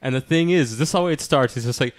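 A man co-hosting a podcast, reacting to movie talk with teasing jokes and quick asides. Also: mid-range voice, dry recording. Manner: jokey, teasing, animated reactions. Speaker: podcast co-host. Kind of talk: casual movie-review chat.

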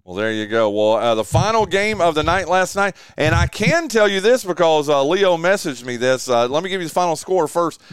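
A man's voice: fairly high pitch, expressive, brisk, few pauses, clear, resonant tone, no echo, clean studio sound. A man hosting a local sports radio show, chatting casually about game scores with lots of fillers and restarts.

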